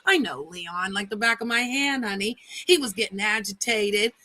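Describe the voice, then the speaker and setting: Bright-voiced woman hosting a livestream. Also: mid-range voice, normal speed. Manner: animated and teasing. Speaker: livestream host. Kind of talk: casual gossip chat. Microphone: livestream setup.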